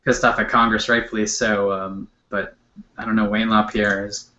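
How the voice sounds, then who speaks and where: A man's voice: on the low side, level tone, normal speed, pushed and bright, echoey room, lo-fi sound. A man in his thirties co-hosting a casual chat, speaking in a dry way with lots of "like" and "um". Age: 30s. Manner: dry, filler-heavy. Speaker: cartoonist co-host.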